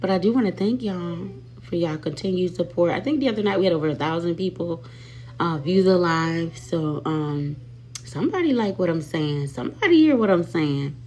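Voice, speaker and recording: A woman chats on a live stream from home, talking sassily and directly to her followers. Her voice sits a little low, and it turns loud or quiet from one line to the next. A faint hum runs under the phone recording. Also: expressive, normal speed. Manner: sassy, talks straight to viewers, swings loud and soft. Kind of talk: casual live-stream chat.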